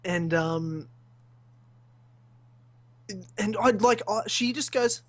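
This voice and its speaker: A man's voice: high voice, slow, pauses often. A man, telling a story on a casual podcast, swearing freely and acting out the voices of the people in it. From Australia. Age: 20s. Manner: animated, swears freely, acts out voices in stories. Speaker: podcast host.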